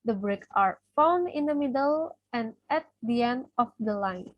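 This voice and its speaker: A young woman with a high voice reads a class presentation steadily from her notes. She is a student from Indonesia, and her first language is Indonesian. The recording is dry and close, with no room sound. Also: animated, measured pace, no room sound, muffled recording. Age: young adult.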